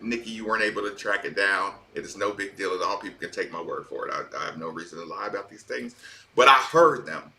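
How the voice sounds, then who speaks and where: A man talking football as a sports-talk co-host, animated and often restarting his sentences. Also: fairly low pitch. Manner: animated, repeats words as he restarts.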